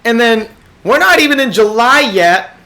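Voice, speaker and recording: A man's voice: very high-pitched, lively intonation, normal speed, pushed and bright. Profane, rambling young man ranting animatedly. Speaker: podcast host. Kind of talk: solo rambling podcast monologue. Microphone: desk microphone.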